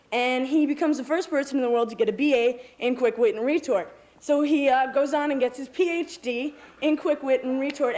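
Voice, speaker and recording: A woman with a notably high voice tells a joke to a camera on a city street. She acts out the characters, jumping her voice up for their lines. The sound comes from a camcorder outdoors. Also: darkish tone, poor audio. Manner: acts out characters with big jumps in pitch. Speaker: stranger telling a joke. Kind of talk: animated joke telling. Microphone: camcorder microphone.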